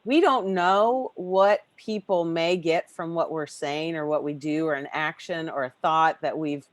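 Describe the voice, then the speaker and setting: A woman's voice: low voice, unhurried, dry recording. A woman hosting a podcast, talking in an effusive, rambling way and swearing casually. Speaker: podcast host.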